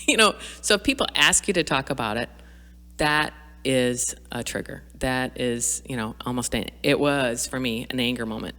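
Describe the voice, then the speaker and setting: Low-voiced woman in an echoey room. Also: moderate pace, fairly bright tone. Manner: earnest, reflective, frequent fillers and restarts. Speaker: podcast guest. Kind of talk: candid personal conversation.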